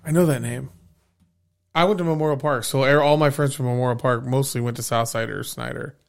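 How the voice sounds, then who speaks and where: A man in his thirties hosting a podcast, chatting casually in an excitable, crude way and saying "dude" a lot. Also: mid-range voice, a little fast, creaky. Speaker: podcast host. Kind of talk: casual chat.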